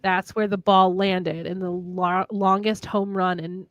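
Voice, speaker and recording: A woman's voice: on the low side, little pitch movement, unhurried, no room sound, lo-fi sound. A young woman from Minnesota chatting on a livestream, rambling through fun facts. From Minnesota, USA. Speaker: livestream co-host, author. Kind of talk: casual chat.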